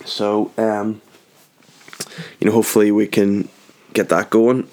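A young man chats on his own podcast from his home garage, joking, rambling and drifting off on tangents. His voice is lowish and a little slow, with a darkish tone and little pitch movement.

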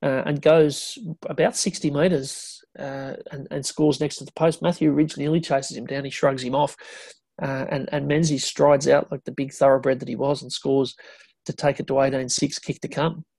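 A man co-hosting a podcast, rambling through an old match recap with excited asides. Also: medium pitch, moderate pace, gravelly, no room sound. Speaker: podcast co-host.

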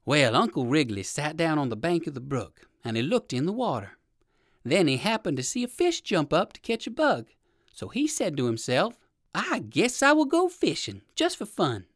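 Expressive male storybook narrator. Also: on the high side, normal speed, no echo, studio quality. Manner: gentle, expressive read-aloud.

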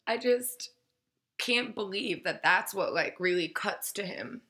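A woman's voice: medium pitch, expressive, a little slow, pushed and bright. A woman casually telling a story, acting out the quoted voices and swearing freely.

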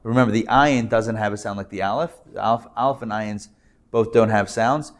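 Upbeat rabbi teaching Hebrew reading. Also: male voice, lowish voice. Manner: upbeat, playful, breaks down sounds slowly. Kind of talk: live classroom teaching. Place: class hall, recorded live.

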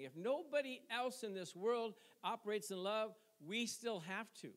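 A man's voice: sits high, lively intonation, normal speed, few pauses. A middle-aged male pastor preaching a sermon in a conversational way, tossing questions to the congregation and chuckling between points. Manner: conversational preaching with call-and-response asides and chuckles.

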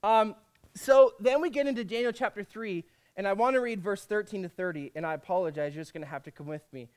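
A man's voice: high voice, fast, clear, resonant tone. A man preaching in a casual, jokey way, reading scripture aloud between conversational asides.

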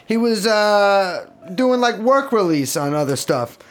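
A man's voice: high voice, big pitch swings, unhurried, slight background noise. A man voicing an evasive male Russian bodyguard and trainer in a comedic interview reenactment, speaking broken English in a put-on Russian accent that drifts toward German and Polish. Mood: insistent. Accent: put-on Russian, slipping toward German and Polish. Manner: broken English, defensive, denies everything.

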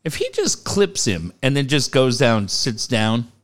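A man's voice: medium pitch, sing-song, unhurried. A man from Cardiff telling a story in casual chat, profane, laughing and acting out the voices.

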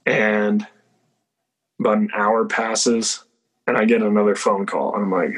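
A man's voice: fairly low pitch, flat delivery, a little slow, long pauses, husky, poor audio. Casual young man telling a story. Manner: says "like" constantly, swears freely. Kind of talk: casual chat.

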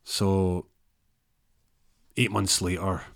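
A man's voice: low voice, level tone, extremely slow, creaky, dry recording, clean studio sound. A man telling a comic story in a rambling way, full of restarts and fillers.

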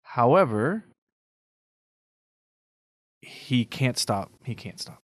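A man's voice: mid-range voice, sing-song, very slow, no room sound, clean studio sound. A man co-hosting a casual faith podcast, talking earnestly and thoughtfully, often checking in with "right?". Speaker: podcast co-host.

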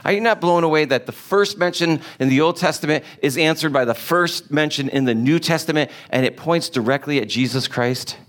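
A man preaching a sermon, animated, with emphatic rhetorical questions. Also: on the high side, a little fast, hardly any pauses. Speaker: pastor.

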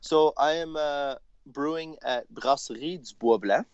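A man's voice: on the high side, measured pace, smooth, no echo. Canadian man talking casually on a dull, dry line. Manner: relaxed, explains patiently with frequent fillers. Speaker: podcast guest, brewer. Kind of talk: casual chat. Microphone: phone call.

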